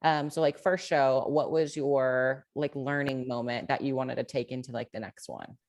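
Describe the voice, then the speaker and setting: Woman, podcast host, low voice, casual chat, filler-heavy questions. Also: fairly even intonation, normal speed, darkish tone.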